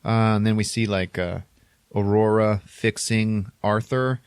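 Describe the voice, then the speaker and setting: Low-pitched male podcast co-host, casual rambling recap with frequent chuckles, dry close sound. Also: flat delivery, measured pace, clear, resonant tone, no echo. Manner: rambling storyteller, chuckles between lines, many "like"s. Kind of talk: casual chat, retelling a film plot.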